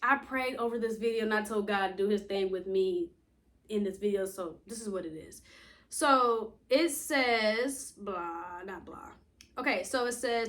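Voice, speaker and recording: A woman's voice: mid-range voice, measured pace, fairly bright tone. A young woman vlogging in a casual, rambling way, telling stories animatedly and acting out dialogue, laughing often, recorded on wireless earbuds. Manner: laughs often while talking. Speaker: YouTuber. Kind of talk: casual rambling vlog talk.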